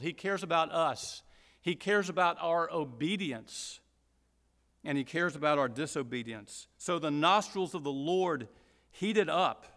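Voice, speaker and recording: A man from Georgia teaching through a Bible passage verse by verse, explaining deliberately and repeating points for emphasis. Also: fairly high pitch, a bit bright, in a large hall.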